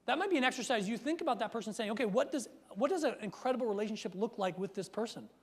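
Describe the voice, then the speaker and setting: Energetic man lecturing in a reverberant hall. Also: very high voice, racing. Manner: energetic, frequent "right?" checks, acts out stories loudly. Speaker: workshop speaker and coach. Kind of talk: live seminar talk to an audience.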